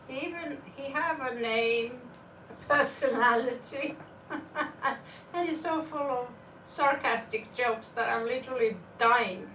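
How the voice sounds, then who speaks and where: A woman's voice: a little high, sharp tone, far from the mic, slight background noise. Giggly woman tarot reader, echoey room. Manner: giggly, laughs often. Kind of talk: live-stream chat.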